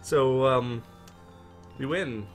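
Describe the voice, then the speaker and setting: A man's voice: mid-range voice, drawn-out words, faint music behind. Casual man playing a video game. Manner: casual, wry, thinking aloud while playing. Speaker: gamer. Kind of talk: let's play commentary.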